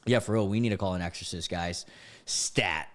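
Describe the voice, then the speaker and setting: A young man streams live, reading stories aloud and reacting excitably with frequent laughter and exclamations. He has a deep voice and talks at normal speed.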